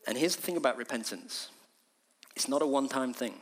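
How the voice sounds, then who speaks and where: A man preaching a sermon with passion, dropping to hushed tones and then rising to urgent shouts. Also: mid-range voice, expressive, fairly quick. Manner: impassioned, swings from hushed to shouting.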